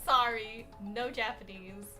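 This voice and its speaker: A woman's voice: fairly high pitch, fairly even intonation, takes it slowly, bright, forceful tone, faint music behind. A young American woman rambles through a casual livestream chat, profane and sassy. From United States. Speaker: streamer.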